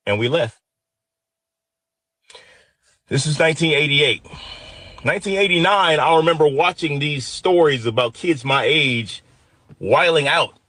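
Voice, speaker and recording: A man's voice: medium pitch, moderate pace, pushed and bright, dry recording. Intense man in his fifties telling a story. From Detroit, USA. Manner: intense, emotional, vivid retelling. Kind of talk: personal storytelling.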